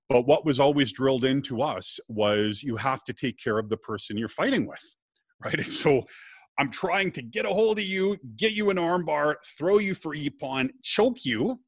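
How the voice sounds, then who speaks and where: Middle-aged man, guest, casual storytelling, acts out quotes, mid-pitched voice, dry close sound. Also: no echo.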